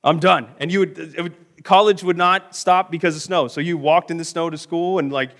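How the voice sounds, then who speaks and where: A middle-aged man preaches with a fairly high voice, telling his own story from the pulpit. He acts out the people he quotes and swings between loud bursts and hushed, quiet stretches. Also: steady tone, moderate pace. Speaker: pastor. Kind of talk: sermon with personal testimony.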